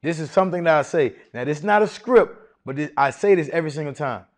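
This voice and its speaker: A middle-aged man, giving a live seminar talk and quizzing his audience with questions in an animated, preacherly way. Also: a little high, quick pace. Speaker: masterclass speaker on federal contracting.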